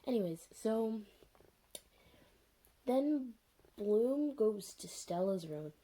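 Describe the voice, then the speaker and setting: A woman's voice: on the high side, animated, very slow, warm tone. A woman casually recapping a TV episode, sarcastic and exasperated, full of "like" and "um". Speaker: TV episode reviewer.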